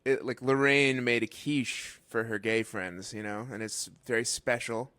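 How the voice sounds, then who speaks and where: Deadpan comedy podcast co-host, dry sound. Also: male voice, mid-range voice, a little slow, smooth, no echo. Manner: dry deadpan one-liners. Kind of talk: casual comedic chat.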